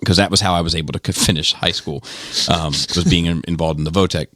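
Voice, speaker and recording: Man, low voice, dry close sound, casual podcast storytelling, swears freely, acts out the people he quotes. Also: fast talker, no echo. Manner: profane, animated retelling with quoted voices. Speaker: podcast host.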